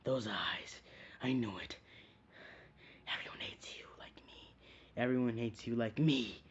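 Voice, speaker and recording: A man voicing a brooding, lonely young male ninja in a hissing whispered role-play, hushed and obsessive. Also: fairly low pitch, moderate pace, creaky. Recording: dull lo-fi recording.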